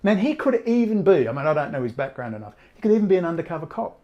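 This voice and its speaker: A man's voice: a little high, big pitch swings, rapid-fire, lo-fi sound. A man giving a ranting, emphatic monologue as an online commentator, often repeating phrases for emphasis. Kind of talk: direct-to-camera monologue.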